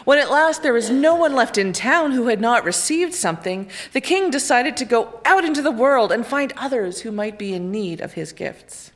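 A woman narrates a children's fairy tale aloud, with expressive, lively storybook delivery. Her voice sits in a mid range. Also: a little high, moderate pace, few pauses. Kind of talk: reading a children's picture book aloud.

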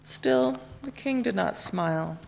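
A woman narrates a children's fairy tale aloud, with expressive, lively storybook delivery. Her voice sits in a mid range. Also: fairly high pitch, slow, creaky. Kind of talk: reading a children's picture book aloud.

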